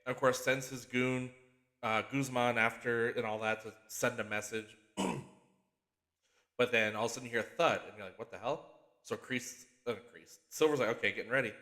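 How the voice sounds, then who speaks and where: A man hosting a podcast, recapping a TV series in an excitable, profane, animated way and often restarting his sentences. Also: mid-range voice, normal speed. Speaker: podcast host.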